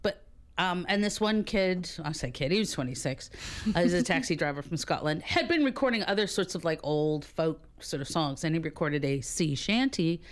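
A woman's voice: fairly low pitch, expressive, moderate pace. A woman speaking as a music expert guest in a radio interview, chatty and enthusiastic, often laughing.

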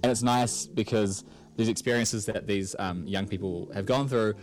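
A man's voice: on the low side, steady tone, moderate pace. A man chatting on radio about a TV show, with many ums and uhs. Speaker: TV reviewer guest. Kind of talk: casual radio chat.

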